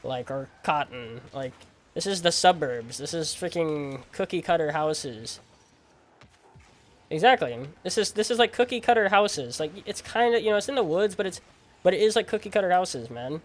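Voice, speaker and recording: A man streaming a game and chatting casually in a rambling, animated, slangy way. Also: a little high, moderate pace. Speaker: gaming streamer.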